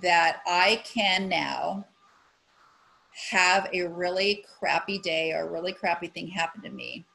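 A woman's voice: on the low side, unhurried, vocal fry, sharp tone, slight background noise, rough recording. A woman on a podcast talking frankly and animatedly, swearing casually and acting out her own inner voice. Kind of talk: casual chat.

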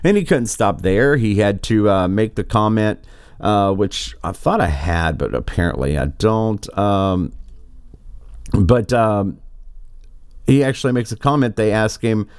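A man's voice: fairly low pitch, measured pace, a little mellow, smooth, dry recording, studio quality. A man giving casual political commentary, rambling and exasperated, with a sarcastic edge. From United States.

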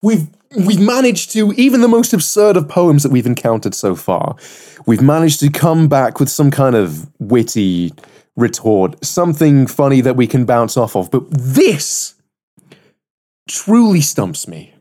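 A man co-hosting a podcast in casual chat, animated and rambling, swearing freely. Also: mid-range voice, measured pace. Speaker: podcast co-host.

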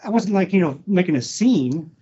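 A man talking as a podcast guest about an old friend, halting with restarts, emotional and swearing freely. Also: sits high, expressive, dark tone, slightly rough, highs cut off. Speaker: guest, former wrestler. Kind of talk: casual podcast interview.

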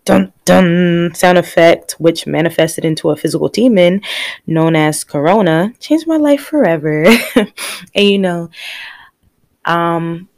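A woman's voice: on the low side, a little mellow, no room sound. A young woman, hosting a podcast and chatting casually to her listeners while sharing a faith testimony. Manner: chatty, talks straight to listeners as "y'all". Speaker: podcast host.

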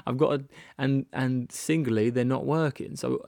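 Gravelly British man musing aloud. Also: medium pitch, steady tone, a little slow, a little mellow, no room sound, clean studio sound. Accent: British English. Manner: rambling, frequent restarts and self-deprecating laughs. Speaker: podcast host. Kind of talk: candid solo podcast monologue. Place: rented holiday annex.

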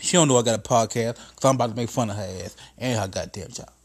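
A man's voice: on the low side, fast. Profane comedic man ranting. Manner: profane, storytelling, rising into exasperated rants. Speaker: podcast host. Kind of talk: casual comedic monologue.

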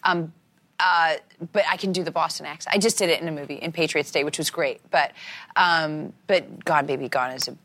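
Earnest, reflective actress on a talk show. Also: female voice, deep voice, a little fast, a bit bright. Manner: reflective, earnest, agrees readily with "exactly". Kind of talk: casual interview chat. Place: TV studio set.

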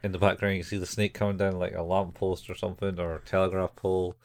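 A man in casual chat, animatedly retelling scenes and slipping into quick character voices. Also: sits low, level tone. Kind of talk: casual chat recapping a show.

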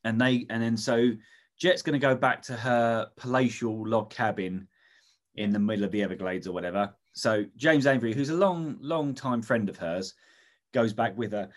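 A man's voice: medium pitch, moderate pace. A man on a podcast, telling a made-up movie plot in a loose, rambling way full of ums and asides. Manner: rambling storytelling with fillers and swearing. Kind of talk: casual comedic chat.

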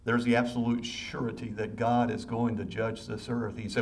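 A man's voice: mid-range voice, flat delivery, brisk. A man preaching an impassioned sermon. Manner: impassioned preaching that swells loud and urgent; direct address to listeners with rhetorical questions. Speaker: pastor.

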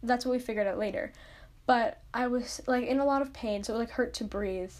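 Young female podcast host, chatty storyteller, pitched a bit high, heavy on "like". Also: fairly quick, a little mellow. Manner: chatty, lots of "like", self-mocking. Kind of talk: casual storytelling monologue.

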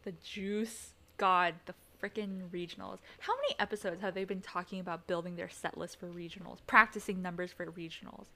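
A woman's voice: fairly low pitch, fairly even intonation, fairly quick, few pauses, pushed and bright. A young woman co-hosting a casual recap podcast, exasperated, swearing and laughing often. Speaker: podcast co-host.

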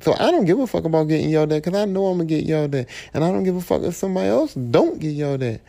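Male podcast host, gravelly and dark-toned, blunt profane AAVE rant. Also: fairly high pitch, animated, racing. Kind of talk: solo podcast monologue.

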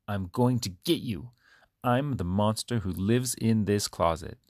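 A man's voice: lowish voice, measured pace, a little mellow, no echo, studio quality. A man voicing a young girl who teases her sister as a closet monster, in a children's storybook reading. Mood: playful.

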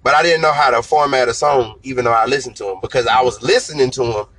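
A man in his thirties, a singer being interviewed, telling his story in a relaxed, slangy, conversational way. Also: medium pitch, fast, poor audio. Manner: relaxed storytelling, slangy, repeats "you know what I'm saying". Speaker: singer and guest.

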